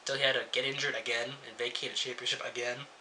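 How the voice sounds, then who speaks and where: A man's voice: mid-range voice, level tone, fast talker, sharp tone, a little hiss or hum. A young man reviewing a wrestling show in a casual rant, sarcastic and swearing freely as he jumps between topics.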